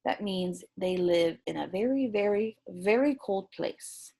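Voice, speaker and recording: A young woman teacher reading a picture book aloud to young students, slow, gentle and encouraging, stopping to ask the class questions. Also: mid-range voice, animated, gravelly, slight background noise.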